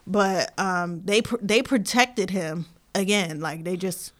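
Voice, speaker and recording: A woman's voice: lowish voice, slow. Chatty woman podcast host. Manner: rambling, animated retelling with slang. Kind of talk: casual chat.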